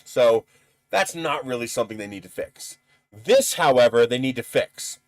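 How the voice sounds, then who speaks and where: A man's voice: medium pitch, dry recording. A man hosting a live stream in casual chat, blunt and profane, who laughs at his own stories.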